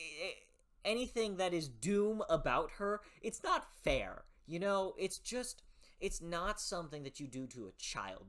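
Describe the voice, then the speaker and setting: A book reviewer talks casually and passionately in a medium-pitched, fairly bright voice. He swears freely and keeps restarting sentences as he thinks aloud.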